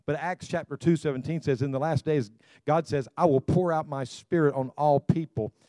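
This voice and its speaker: Exhorting older male pastor, mellow voice. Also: fairly high pitch, steady tone, moderate pace, dry recording. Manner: exhorting, repeats "come on" to the congregation; stumbles and restarts often. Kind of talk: sermon.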